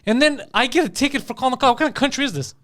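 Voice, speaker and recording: A man co-hosting a comedy podcast, bantering and telling stories in an excitable, profane way. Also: extremely high pitch, racing, dry recording, clean studio sound. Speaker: podcast co-host. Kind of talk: casual comedy podcast chat.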